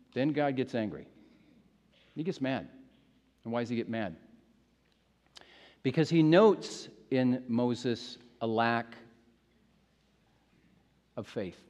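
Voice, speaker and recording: A man's voice: on the high side, big-room sound. A male pastor preaching a sermon in an earnest, emphatic way, often repeating phrases for stress. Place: church sanctuary.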